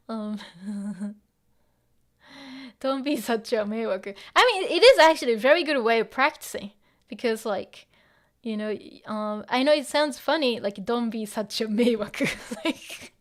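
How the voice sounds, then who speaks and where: A woman hosts a relaxed livestream lesson, slipping words into her English. Her voice sits a little high. She often drops to quiet asides while she scrolls the chat. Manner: chatty, mixes English with Japanese phrases, murmurs to herself. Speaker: Japanese teacher on a livestream. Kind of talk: casual live-stream lesson, reading chat.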